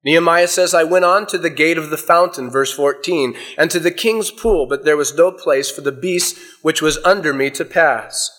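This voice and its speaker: High-voiced man preaching a sermon. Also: normal speed, few pauses, a bit bright. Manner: reads scripture aloud, then explains it with illustrations. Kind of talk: sermon with scripture reading.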